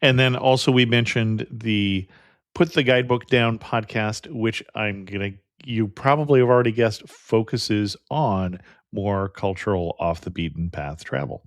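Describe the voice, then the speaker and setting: A man hosting a travel interview podcast, upbeat and quick to say "excellent" as he moves through his questions. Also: fairly low pitch, dry recording, studio quality. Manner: upbeat, says "excellent" often. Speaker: podcast host. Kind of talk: casual interview.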